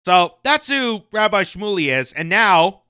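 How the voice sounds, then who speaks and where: Male commentary host, high and bright, mocking, animated delivery. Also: measured pace, clear, resonant tone, dry recording, studio quality. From Canada. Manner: animated, mocking, laughs between points. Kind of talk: opinion commentary on news.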